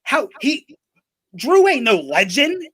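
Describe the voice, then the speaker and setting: A man's voice: extremely high pitch, wildly swooping pitch, slow, bright, forceful tone, breathy edge. A man co-hosting a sports talk show, making emphatic points and repeating them for force. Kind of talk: casual debate.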